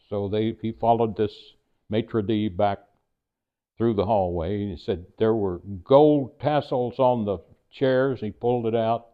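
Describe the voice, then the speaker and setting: A man's voice: on the low side, unhurried. An older man with a Kentucky accent, telling humorous anecdotes in an easygoing, folksy way to a local audience. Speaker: guest speaker. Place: private residence, talk to a local society. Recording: tinny phone-like recording.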